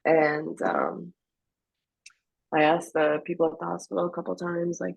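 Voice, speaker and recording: A woman with a deeply gravelly, husky voice tells her personal testimony in an interview. She speaks haltingly, restarting her sentences and filling pauses with "um." The sound is close and dry. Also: little pitch movement, a little mellow, no echo, poor audio. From Afghanistan. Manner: emotional, halting with many fillers and restarts. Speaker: interview guest.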